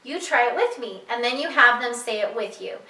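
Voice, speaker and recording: A woman's voice: on the high side, lively intonation, brisk, sharp tone, echoey room, distant mic, rough recording. A woman who teaches reading, explaining to parents how to guide their child, patient and repeating her key points. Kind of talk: instructional talk to parents.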